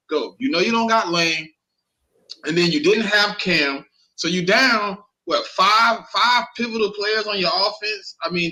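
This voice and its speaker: Animated, bright-voiced man ranting about football. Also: sits high, poor audio. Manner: animated, profane, repeats words when heated. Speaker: co-host. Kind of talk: casual sports talk.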